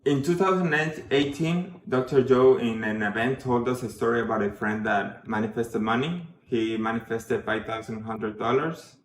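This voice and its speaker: Man telling his story in an echoey room. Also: medium pitch. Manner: earnest, halting, self-correcting. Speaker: event attendee giving a testimonial. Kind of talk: personal testimony. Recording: echoey room, mic far off, faint noise.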